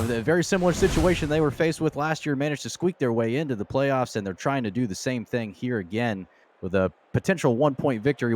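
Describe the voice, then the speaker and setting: A man giving color commentary on a simulated football game in a folksy way, full of exclamations. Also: mid-range voice. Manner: folksy, leans on exclamations like "boy, oh boy". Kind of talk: live esports football commentary.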